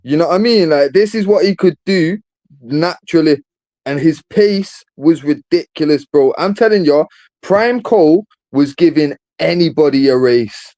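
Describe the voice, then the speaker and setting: A man's voice: fairly high pitch, animated, moderate pace, a little mellow, no room sound. Emphatic man arguing football. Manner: emphatic, argumentative, says bro a lot. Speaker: football podcast host. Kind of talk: casual debate.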